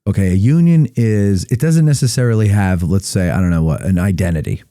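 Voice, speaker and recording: A man's voice: lowish voice, a little fast, dark tone, no echo, studio quality. A man hosting a podcast in casual conversation, asking clarifying questions. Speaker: podcast host.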